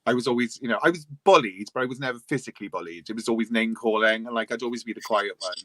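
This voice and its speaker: Brief: man, 40s, chat guest, bright forceful tone, crude self-mocking humor laced with swearing. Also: medium pitch, very fast, dry recording. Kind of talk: casual chat.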